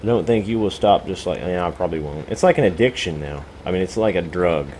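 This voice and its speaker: Deep-voiced male streamer, loose and rambling, self-mocking humour. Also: lively intonation, fast talker, darkish tone, slight background noise, rough recording. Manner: joking, self-mocking, many "you know" fillers. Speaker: game streamer. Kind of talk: rambling live-stream chat. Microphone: desk microphone, no camera.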